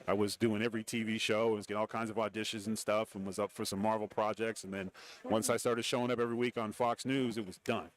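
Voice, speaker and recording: A fast-talking middle-aged man with a fairly low-pitched voice is the guest here, a former wrestler turned TV commentator. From a radio row broadcast booth, he tells casual interview stories with animation, acting out the voices of whoever he's quoting.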